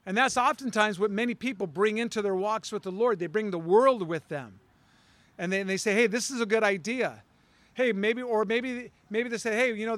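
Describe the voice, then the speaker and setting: A man's voice: high-pitched, a bit bright, dry recording. A male pastor preaching a conversational sermon, acting out dialogue as he tells stories.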